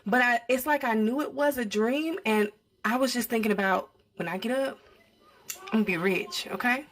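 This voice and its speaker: A young woman casually recounting a dream in a storytime video, lively and acting out what others said. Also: on the high side, moderate pace. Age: young adult. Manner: animated, acts out quoted speech.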